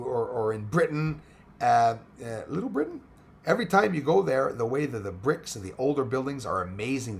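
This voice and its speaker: A hoarse man chats loosely from home as he hosts a livestream. He rambles through viewer comments, often pausing on fillers and starting his sentences over. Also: mid-range voice. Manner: rambling, many fillers and restarts. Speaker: livestream host. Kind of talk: casual chat reading viewer comments.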